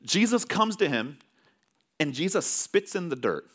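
A man preaching a sermon as a pastor, telling stories in a conversational, animated way. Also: a little high, a little slow. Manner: conversational storytelling with animated swings.

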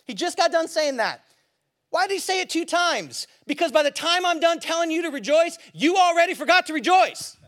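A man preaching a sermon as a pastor, talking in a lively, conversational and emphatic way with playful asides. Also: extremely high pitch, brisk.

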